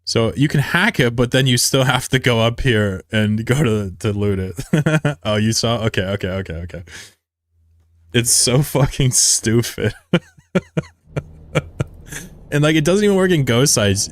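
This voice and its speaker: A man's voice: medium pitch, dry recording. A man streaming a game, chatting casually with his audience in a rambling, profane way and chuckling often. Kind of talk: casual live-stream commentary.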